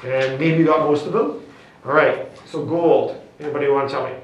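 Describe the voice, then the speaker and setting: An upbeat male teacher talks a class through a lesson in a fairly high voice, coaxing students along and checking in every few words. The sound is very echoey, picked up from well away from the mic. Faint music plays underneath. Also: fairly even intonation, brisk, recorded from a distance. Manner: upbeat, coaxing, peppered with "okay?" and "right?".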